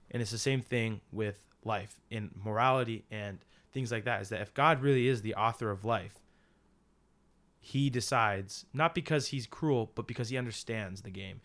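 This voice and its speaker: A man's voice: lowish voice, a bit bright. A young man co-hosting a casual faith podcast, explaining at length in an earnest, rambling way with many fillers. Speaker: podcast co-host and teacher.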